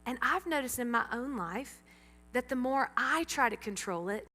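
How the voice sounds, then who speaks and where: A woman's voice: on the high side, lively intonation, normal speed, sharp tone. A middle-aged woman pastor giving a sermon in a church, telling stories with animation and acting out her own reactions. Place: church sanctuary. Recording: long hall reverb.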